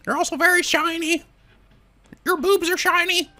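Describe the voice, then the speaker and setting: A man putting on a crude, squeaky parody voice of a male bear mascot during a game playthrough. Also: fairly even intonation, normal speed, bright, forceful tone, heavily acted. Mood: crude squealing. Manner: squealing, crude, over-the-top.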